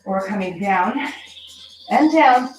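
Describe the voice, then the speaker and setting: A winded woman teaching a barre class at an unhurried pace, counting reps and calling out short encouraging cues. She is picked up from some distance in an echoey room, with faint music playing behind her. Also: mid-range voice, expressive, slight background noise. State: out of breath from exercising. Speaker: barre fitness instructor. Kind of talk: guided workout class cueing.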